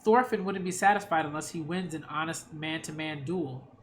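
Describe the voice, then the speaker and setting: A man's voice: on the high side, moderate pace, slight background noise, natural voice. Askeladd, a man voicing a sly mercenary chief. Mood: calm. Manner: calm, taunting, drawling. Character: sly, mocking middle-aged mercenary leader. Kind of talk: anime dub acting.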